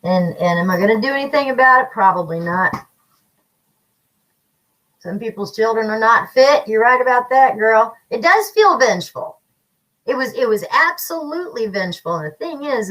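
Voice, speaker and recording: A woman's voice: mid-range voice, fairly bright tone, low-quality recording. A woman hosting a casual livestream, chatting with viewers in a feisty, blunt way. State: slight cough from paint fumes. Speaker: psychic livestream host.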